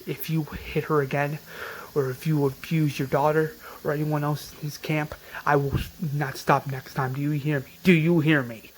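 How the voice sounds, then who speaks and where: A man's voice: fairly high pitch, flat delivery, normal speed, a little hiss or hum, close to an everyday voice, rough recording. A man retelling as an enraged man threatening. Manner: shouted threats, repeated. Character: furious adult man threatening a wife beater.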